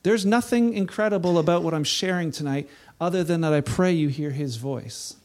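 A middle-aged man preaches in a slightly high voice. He talks earnestly, climbs into impassioned peaks and then sinks back to a soft, low tone. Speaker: pastor. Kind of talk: sermon.

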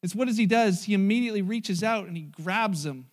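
A male pastor preaching a sermon, telling the story in a lively, joking way and acting out the characters. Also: high-pitched, brisk.

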